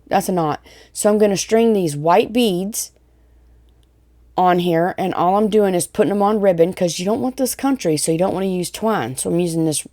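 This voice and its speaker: A woman's voice: deep voice, warm tone, no echo, studio quality. A woman hosting a DIY craft tutorial, chatting casually, rambling and correcting herself as she works. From Tennessee. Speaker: DIY crafting channel host.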